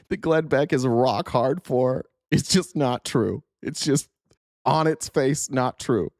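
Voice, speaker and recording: A man's voice: on the low side, darkish tone, clear, resonant tone, dry recording, studio quality. A young man hosting a political commentary show, speaking sarcastically and swearing often. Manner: sarcastic, profane, laughs often. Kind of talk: casual reaction commentary.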